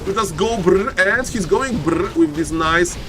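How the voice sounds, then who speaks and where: A man casting a live strategy game, excitable and joking, often addressing ladies and gentlemen. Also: high voice, a little slow. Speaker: esports caster.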